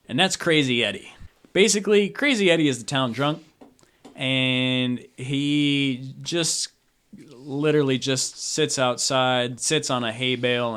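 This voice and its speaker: A man's voice: mid-range voice, a bit bright, clean tone. A man narrating as game master in a tabletop game, casual and rambling with lots of fillers.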